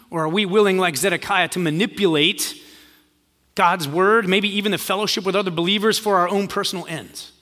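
A male preacher with a high, bright voice delivers a sermon and retells the story, voicing its quotes in an easy conversational way. His voice carries a long reverb from a church hall. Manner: storytelling, acts out quoted lines in a casual voice.

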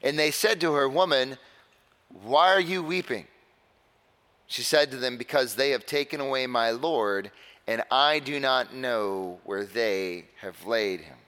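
A male pastor preaching a sermon in a conversational way, with dramatic pauses. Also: medium pitch, a bit bright, clear, resonant tone, long reverb tail.

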